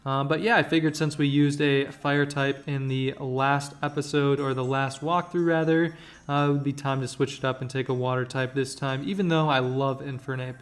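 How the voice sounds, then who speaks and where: A man's voice: mid-range voice, flat delivery, normal speed. A man hosting a let's-play, giving joking, rambling commentary over the game. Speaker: gaming channel host.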